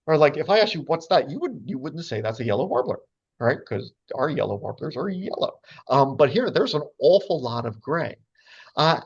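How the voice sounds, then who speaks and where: A chatty man with a medium-pitched, breathy voice gives a casual lecture with slides to birders, full of fillers and playful asides, and the sound is lo-fi.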